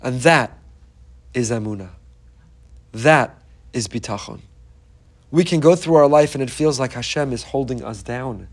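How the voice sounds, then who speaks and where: A man's voice: medium pitch, unhurried, pauses often. A man giving an inspirational Torah talk, telling stories earnestly and emphatically, often repeating phrases for weight. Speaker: Torah teacher.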